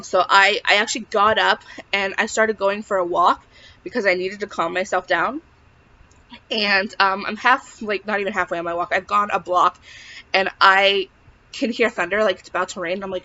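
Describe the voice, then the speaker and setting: A woman's voice: mid-range voice, a little fast, bright, forceful tone. A young woman telling a personal story in a casual vlog, rambling with lots of fillers. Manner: rambling, filler-heavy, emotional retelling. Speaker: vlogger. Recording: dull lo-fi recording.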